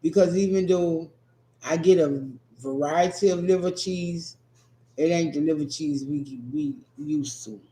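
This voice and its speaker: Slow-drawling New man, echoey room. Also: on the high side, dark tone. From New Orleans. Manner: profane, teasing, laid-back drawl. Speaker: streamer answering chat. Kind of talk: casual livestream chat.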